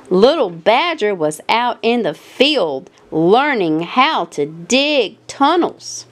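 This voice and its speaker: A woman's voice: mid-range voice, sing-song, slow, few pauses. A woman reading a children's picture book aloud with a playful, sing-song delivery. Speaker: storyteller.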